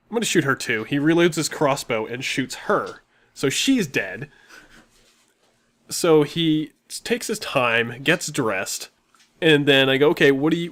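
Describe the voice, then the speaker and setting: Young man telling a wild story, laughing. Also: mid-range voice. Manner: animated, laughs often, quotes people in dialogue. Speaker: podcast co-host telling a story. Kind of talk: casual storytelling.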